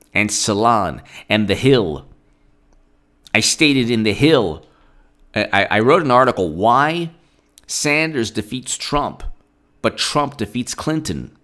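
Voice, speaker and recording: Guy ranting politics solo, lively up and down voice, keeps going off on tangents. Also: mid-range voice. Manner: combative and rambling, with frequent asides; reads quoted statements from his phone. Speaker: political commentator. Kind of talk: solo opinion video.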